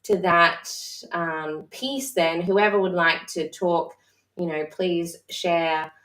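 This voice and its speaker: A mother leading a discussion session who talks in a candid, reflective, halting way with frequent restarts. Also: lowish voice, fairly bright tone. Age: adult mother. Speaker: session facilitator. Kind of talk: personal sharing in a live-streamed discussion. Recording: roomy echo, voice far from the mic.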